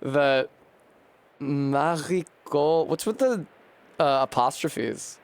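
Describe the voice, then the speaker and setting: A man's voice: fairly high pitch, drawn-out words, smooth. A man streaming a video game, chatting casually, thinking aloud as he sounds out foreign words and swearing freely. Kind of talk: casual live-stream gaming commentary.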